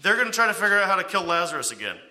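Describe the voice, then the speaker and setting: A man with a higher-than-usual voice and a very sharp, bright edge leads a Bible study. He talks it through conversationally, checking in with "okay?" and throwing out rhetorical questions. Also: very animated, very fast.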